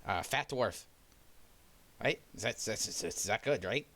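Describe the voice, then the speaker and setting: A man with a very low voice runs a tabletop game. He talks haltingly, full of fillers and restarts. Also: expressive, a bit bright. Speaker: game master.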